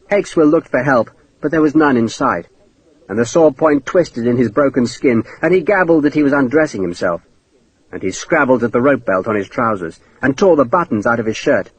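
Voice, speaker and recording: A man narrating an audiobook in a dramatic, expressive way. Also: medium pitch, fairly quick, husky, dry recording, low-quality recording. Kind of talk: scripted narration.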